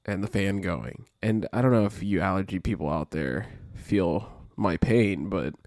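A man's voice: sits low, unhurried, darkish tone, no echo, studio quality. A man with a stuffy nose, co-hosting a podcast in laid-back, joking casual chat. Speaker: podcast co-host.

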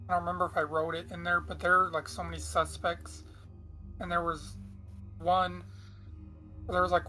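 A woman's voice: fairly low pitch, pushed and bright. A woman casually hosting a true-crime podcast, chatty with frequent asides. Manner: chatty, reads aloud with frequent asides and throat clearing. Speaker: podcast host.

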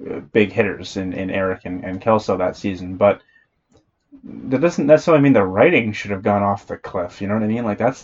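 A man's voice: fairly low pitch, muffled recording. A man co-hosting a podcast in casual chat, laid-back and joking. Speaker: podcast co-host.

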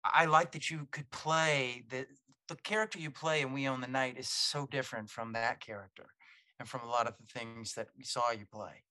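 A man hosting a podcast, asking hesitant questions with fillers and reading a brisk sign-off. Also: medium pitch, fairly even intonation, pushed and bright, no echo. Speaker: podcast host. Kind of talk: casual interview questions.

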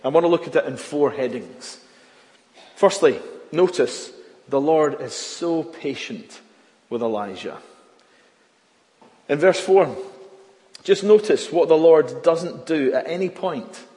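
A man preaching a sermon in a church, earnest, swinging from loud emphasis to near-hushed words. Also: on the high side, lively intonation, slow pace, long pauses. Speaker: pastor. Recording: long reverb of a church hall.

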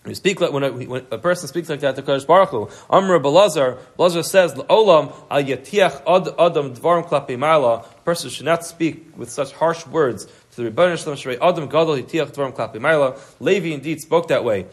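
A man's voice: a little high, a little fast, few pauses. A man teaching a Talmud class, reading phrases aloud and then explaining them in English, often restarting his sentences.

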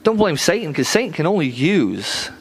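A man's voice: on the high side, very animated, normal speed, husky, low-quality recording. A man preaching a sermon in a casual, conversational way, repeating phrases for emphasis and often asking "right?" to check in with listeners. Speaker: pastor.

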